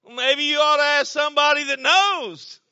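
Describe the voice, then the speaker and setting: A male preacher with a very high, bright voice gives a folksy, story-filled sermon. He repeats his words as he goes and bursts into shouts to drive a point home. The sound is dry and a little muffled. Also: moderate pace, dry recording. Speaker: pastor.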